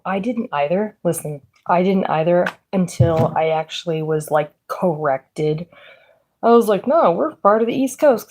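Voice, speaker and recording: Low-voiced chatty woman reading tarot. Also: warm tone, a little hiss or hum, low-quality recording. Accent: Midwestern. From Pennsylvania. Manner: chatty, rambling, laughs often, frequent fillers. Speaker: tarot reader.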